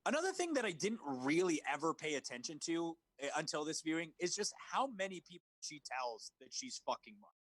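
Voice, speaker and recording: A man co-hosting a movie review podcast in casual chat over a remote call, animated and swearing freely. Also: fairly high pitch, brisk, hardly any pauses, no room sound. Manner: animated, swearing, laughs, mimics lines. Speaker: podcast co-host. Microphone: remote call recording.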